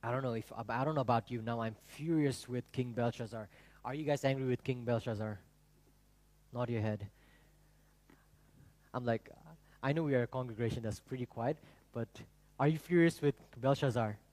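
A man preaching a sermon to his congregation, animated and rhetorical, asking them questions. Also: medium pitch, moderate pace, long pauses, no room sound. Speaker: pastor. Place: church.

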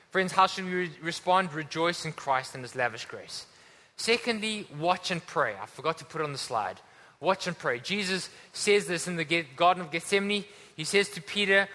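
A man's voice: sits high, sharp tone. A man preaching a sermon to a church congregation, earnest and urging his listeners. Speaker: pastor. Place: church hall. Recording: long hall reverb.

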